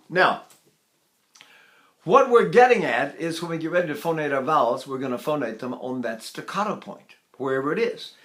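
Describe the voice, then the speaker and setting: An older man leads a singing lesson, talking in a slightly high voice. He is enthusiastic and demonstrative, stopping often to sing short staccato vowels and show gasping breaths. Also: a bit bright. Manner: enthusiastic, demonstrative, breaks into sung vowels and gasps. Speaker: voice teacher. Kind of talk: vocal lesson with sung demonstrations.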